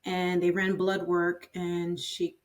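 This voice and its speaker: A woman's voice: fairly low pitch, monotone, slow pace. A woman in her fifties, a nurse, telling her own story in a casual, chatty way and relaying conversations. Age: 50s. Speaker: oncology nurse sharing her patient story.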